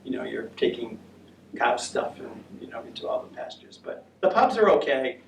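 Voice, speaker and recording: Presenting his walking trip to a senior center room, an American man speaks at normal speed in a gravelly, medium-pitched voice with big pitch swings. He's friendly and rambling, with many fillers and restarts, and takes audience questions. The mic is distant, the sound roomy with faint noise.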